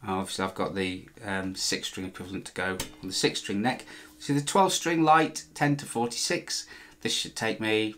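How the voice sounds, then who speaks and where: A man's voice: on the low side, fairly even intonation, moderate pace, a bit bright, slight background noise. A man talking casually as he works on a guitar, meandering and correcting himself with dry little jokes. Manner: chatty, meandering, self-correcting, dry joking. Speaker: vlogger restoring a guitar. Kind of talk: casual talk while working.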